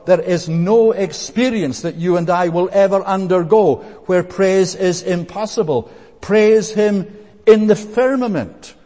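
A man's voice: high voice, mellow, in a large hall. A man preaching a sermon, earnest and emphatic, repeating phrases for weight.

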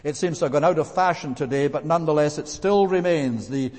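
A man preaching a sermon, emphatic, repeating phrases and slowing down to stress key words. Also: fairly high pitch, a little mellow. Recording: long reverb of a large hall.

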